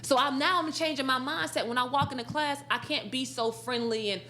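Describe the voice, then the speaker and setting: A woman guest in an interview, telling stories in a casual, animated way, laughing often and acting out what others said. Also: high-pitched, fairly quick, a little hiss or hum. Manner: animated, laughs often, acts out quoted dialogue. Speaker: esports sportscaster and college instructor, interview guest.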